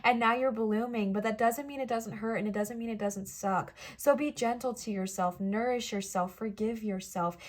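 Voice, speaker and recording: Young woman, tarot reader, emotional and encouraging, slightly high voice, direct to viewers. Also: steady tone, moderate pace, hardly any pauses. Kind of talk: tarot reading.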